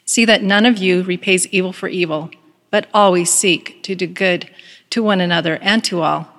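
A woman's voice: lowish voice, moderate pace, a bit bright, big-room sound. A woman voicing a weary, reluctant woman prisoner who reads scripture and prays grudgingly. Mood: reading.

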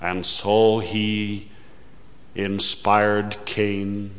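Male preacher, lowish voice, very slow measured sermon delivery with sudden loud surges, reverberant hall. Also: steady tone. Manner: slow, deliberate preaching that swells loud and fast in bursts.

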